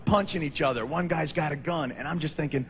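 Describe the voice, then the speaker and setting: A man, doing a stand-up comedy routine and rising to shouted punchlines. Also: on the high side, a little fast, slight background noise. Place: large theater stage before a live audience. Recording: long hall reverb, audible audience.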